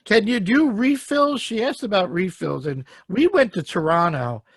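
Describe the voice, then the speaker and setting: A male podcast host with a high, gravelly voice chats over a video call, jumping in often. The sound is dry and close. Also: very animated, a bit bright, no room sound. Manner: chatty, jumps in with quick reactions. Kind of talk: casual interview chat.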